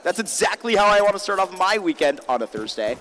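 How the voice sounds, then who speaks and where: A man's voice: high voice, very animated, quick pace, fairly bright tone, rough recording. A man giving live color commentary on an esports match, reflective with playful banter. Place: live event venue.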